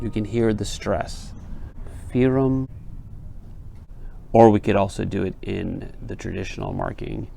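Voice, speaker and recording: A man's voice: on the low side, unhurried, gravelly, long pauses, dark tone, slight background noise. A man teaching literature in an explanatory lecture, reading verse lines aloud and checking in with his listeners.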